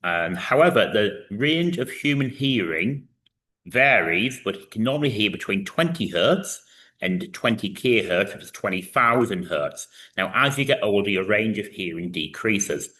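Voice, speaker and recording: A man's voice: fairly low pitch, expressive, moderate pace, bright, forceful tone. A man in his thirties teaching a recorded physics lesson, explaining step by step with frequent fillers. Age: 30s.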